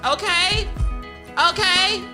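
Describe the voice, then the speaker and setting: A woman's voice: very high voice, slow, over loud music. A woman, co-hosting a podcast and ranting through comic stories. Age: 30s. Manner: animated, ranting storytelling. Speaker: podcast co-host. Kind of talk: casual comedic chat.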